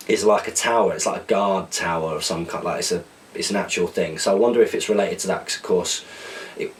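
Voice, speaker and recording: A man's voice: on the low side, recorded from a distance, rough recording. A man hosting a podcast alone, reading out viewer questions in a loose, rambling chat and correcting himself as he goes.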